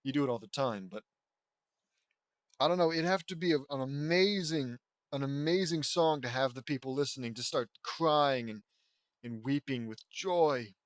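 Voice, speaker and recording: A man's voice: mid-range voice, normal speed, dry recording. A man reading fan fiction aloud for comedy, breaking off into sarcastic, mocking asides. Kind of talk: comedic dramatic reading with commentary.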